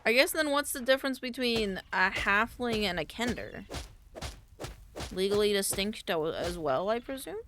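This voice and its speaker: Animated young woman streamer, rambling chat. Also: medium pitch, normal speed, a little hiss or hum. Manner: rambling, thinking aloud, playful. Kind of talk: casual gaming stream chat.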